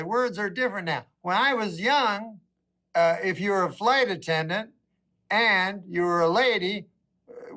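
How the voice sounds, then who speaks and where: Deadpan middle-aged man doing stand-up. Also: high voice. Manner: deadpan, rambling with asides. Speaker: stand-up comedian. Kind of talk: stand-up comedy routine.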